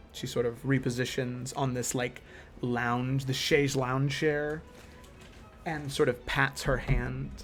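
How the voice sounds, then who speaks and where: A man narrating a tabletop fantasy game as game master, describing scenes with hesitant restarts. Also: medium pitch. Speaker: dungeon master.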